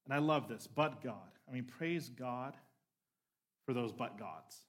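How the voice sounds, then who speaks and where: A man's voice: mid-range voice, a little slow. Man preaching, casual and emphatic. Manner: conversational preaching, frequent "right?" asides, swings from emphatic to quiet. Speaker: pastor. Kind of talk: sermon.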